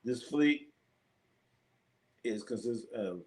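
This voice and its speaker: Brief: middle-aged male sports-stream host, loose and profane, pitch swinging widely as he spins stories. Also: extremely slow. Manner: animated, profane storyteller. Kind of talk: casual live-stream chat.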